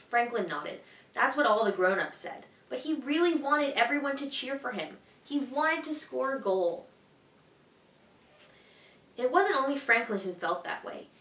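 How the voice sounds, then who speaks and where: A woman teacher reading a children's picture book aloud in a clear, expressive, evenly paced way. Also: high-pitched, unhurried, distant mic. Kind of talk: storybook read-aloud for children. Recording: echoey room, voice a bit off-mic.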